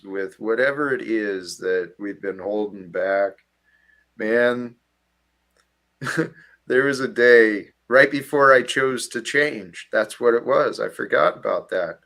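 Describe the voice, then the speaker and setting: A man's voice: medium pitch, slow pace, a bit bright. A man hosting a panel stream, talking earnestly about his faith and reflecting on his life. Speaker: host. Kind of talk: casual faith talk.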